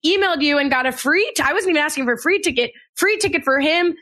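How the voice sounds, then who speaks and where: Bright, higher-voiced wry woman. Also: animated, fast talker. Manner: wry, playfully combative storyteller. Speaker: podcast co-host. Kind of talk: casual podcast chat.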